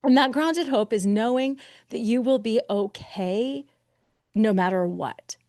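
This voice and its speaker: A woman's voice: on the high side, measured pace, warm tone, dry recording, clean studio sound. A middle-aged woman hosting a podcast as a betrayal recovery coach, talking expressively and acting out people's inner voices. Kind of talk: solo podcast monologue.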